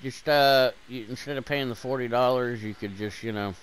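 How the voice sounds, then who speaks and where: A man giving rambling, joking commentary over his gameplay, swearing often and jumping between loud bursts and mumbled asides, wired on caffeine. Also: mid-range voice, normal speed, clean tone.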